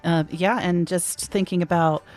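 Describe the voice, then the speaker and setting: A woman's voice: lowish voice, steady tone, darkish tone, soft background music. Drawling East Tennessee woman. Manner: chatty, laughing, slow drawling explanations. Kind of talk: casual chat.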